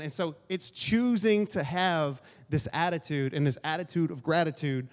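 Male pastor, casual joking sermon, slightly high voice, long hall reverb. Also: normal speed, few pauses. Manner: joking, conversational, acts out grumbling asides.

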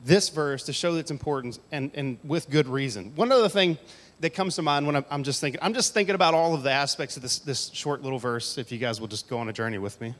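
Speaking fast in a mid-range, slightly bright voice, this man delivers a relaxed sermon peppered with jokes. He's a pastor using a handheld microphone before an audience in a church hall, and the sound carries long reverb.

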